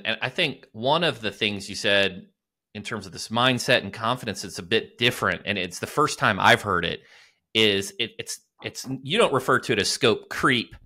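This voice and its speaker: A man hosts a business podcast and interviews a guest. His voice is very low, but its tone is bright and forceful. He often repeats words and restarts as he works out his questions. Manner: halting, with many restarts and fillers. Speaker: podcast host.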